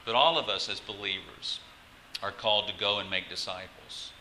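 Brief: male pastor, chatty sermon delivery, lowish voice, sharp and forceful tone. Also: moderate pace, slight background noise, rough recording. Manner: conversational, asks the congregation questions, frequent restarts.

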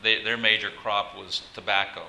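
Brief: male pastor, chatty sermon delivery, lowish voice, sharp and forceful tone. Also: flat delivery, normal speed, creaky, a little hiss or hum, poor audio. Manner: conversational, asks the congregation questions, frequent restarts.

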